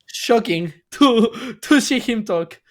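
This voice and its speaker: A man speaking as a guest on a podcast, halting and often repeating his words. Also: extremely high pitch, animated. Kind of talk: casual chat.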